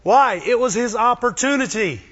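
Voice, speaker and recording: Animated preacher man, lo-fi recording. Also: extremely high pitch, normal speed. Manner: animated, asks the congregation questions. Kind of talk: sermon. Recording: dull lo-fi recording.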